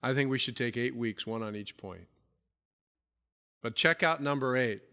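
A man preaching a sermon as pastor, emphatic, repeating key phrases, asking questions and dropping low and soft for stress. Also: normal speed.

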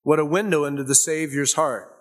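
Fervent male preacher in mid-pitch. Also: steady tone, fairly quick. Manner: rises to loud fervent emphasis, drops to soft asides; conversational storytelling asides. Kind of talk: sermon.

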